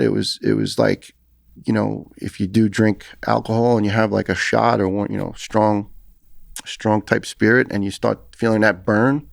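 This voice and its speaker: Gravelly and fairly low with a darkish tone, his voice carries a New York accent as this middle-aged ex-firefighter recounts his experiences on a podcast. He is earnest and intense, restarting frequently in a conversational way. There's no room sound, just clean studio audio.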